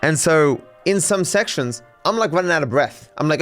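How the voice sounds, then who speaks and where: A man streamer with a faint Australian accent, rambling casually and reading out chat, quick with many restarts. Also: fairly high pitch, lively intonation, soft background music. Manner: rapid, restarts often, thinks aloud.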